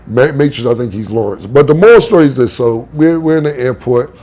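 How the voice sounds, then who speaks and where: A man telling a story in a casual interview, acting out the quotes as he goes. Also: fairly quick. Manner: animated storyteller, acts out quotes with big pitch jumps. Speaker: rapper being interviewed.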